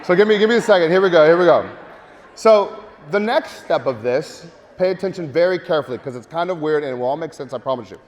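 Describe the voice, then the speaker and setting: A man giving a lively marketing seminar to a live audience, joking and urging the crowd to take part. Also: a little high, quick pace. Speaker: speaker at a marketing event. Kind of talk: energetic live seminar talk. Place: large hall with audience. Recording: long hall reverb.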